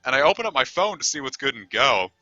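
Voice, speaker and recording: A man's voice: mid-range voice, very animated, fast talker, sharp tone, no room sound, dull audio. A man streaming a game, telling a long story in a rambling, easygoing way and swearing casually. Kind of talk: casual storytelling over gameplay.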